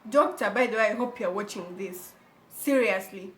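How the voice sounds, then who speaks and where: A young woman telling a personal story to her viewers in an animated, emphatic way. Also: medium pitch, moderate pace. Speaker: vlogger. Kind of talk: casual storytelling to camera. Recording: echoey room, faint background noise.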